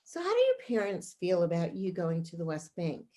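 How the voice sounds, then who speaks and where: A woman's voice: fairly low pitch, huge pitch swings, moderate pace, mellow. A woman playing an encouraging, polite theatre administrator in a remote play reading over a video call.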